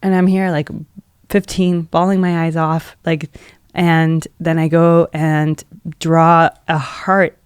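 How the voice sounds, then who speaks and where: A woman's voice: low voice, level tone, slow pace, clear, resonant tone, no room sound, studio quality. A woman guest on a podcast, an energy healer, telling a personal story in a casual, earnest way and leaning heavily on "like" as a filler. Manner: heavy use of "like" as filler; earnest, emotional retelling.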